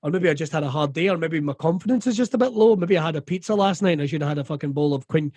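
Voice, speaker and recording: A man's voice: a little high, racing, darkish tone, dry recording. A middle-aged Scottish comedian talking candidly in an interview, swearing freely and acting out the voices of people he quotes. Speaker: comedian guest.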